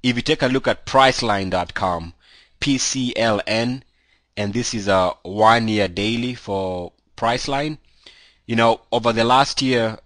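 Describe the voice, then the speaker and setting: A man with a cold walks through stock charts as the host of his own market commentary. His voice sits on the low side and he talks loosely, leaning on fillers. The sound is dry and close, with no room around it. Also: a bit bright, no room sound. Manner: conversational, loose with many "you know" fillers. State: has a cold. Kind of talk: casual chart walkthrough commentary.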